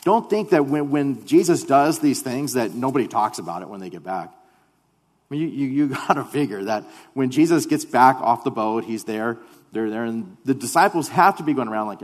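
A man's voice: mid-range voice, moderate pace. Preaching man in a reverberant hall. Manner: animated preaching, dropping to quiet emphasis. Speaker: pastor. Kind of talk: sermon.

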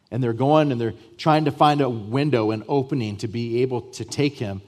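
A man pastor preaching a sermon to his church, emphatic, with repeated starts and swings between loud and soft. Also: medium pitch, normal speed, hardly any pauses. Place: church sanctuary.

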